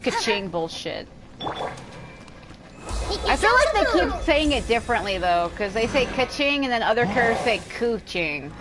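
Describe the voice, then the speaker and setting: A woman's voice: a little high, sing-song, normal speed, pauses often, loud music behind the voice. A woman streaming a video game, rambling and exasperated as she comments, swearing often. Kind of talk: casual live gameplay commentary.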